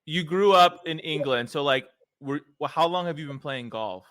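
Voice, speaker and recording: Male podcast host, casual and rambling, bright forward tone, dry close sound. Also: on the high side, normal speed, dry recording. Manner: loose and chatty, many "like" fillers. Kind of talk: casual interview chat.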